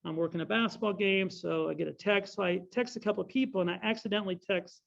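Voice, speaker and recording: Middle-aged male speaker, rambling storyteller, gravelly, slightly muffled recording. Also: sits high, quick pace, a bit bright. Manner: rambling storyteller, self-correcting. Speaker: guest speaker. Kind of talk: anecdotal talk with Q&A. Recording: dull lo-fi recording.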